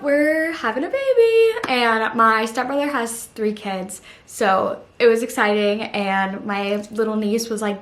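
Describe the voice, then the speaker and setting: A woman's voice: mid-range voice, a bit bright. A young woman telling a story to camera in a casual, chatty way, with lots of "like" and giggly asides. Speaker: vlogger. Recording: roomy echo.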